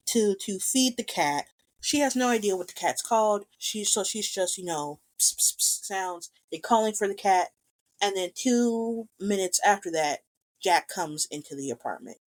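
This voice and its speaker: A woman casually talking through a film's plot, retelling scenes and acting out the characters' lines as she goes. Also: mid-range voice. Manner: animated retelling, acting out quotes. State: recovering from strep throat. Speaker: podcast co-host. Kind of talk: casual film discussion.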